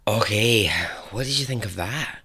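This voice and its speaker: A man's voice: lowish voice, normal speed, sharp tone. A man hosting a podcast, telling a story casually with chatty, laughing asides and rambling tangents.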